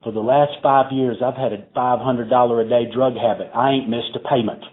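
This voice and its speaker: A man's voice: mid-range voice, steady tone, a little fast, close to an everyday voice. A man doing a slurring, indignant drunk. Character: drunken male job applicant, slurring, indignant. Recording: tinny phone-like recording, faint hiss.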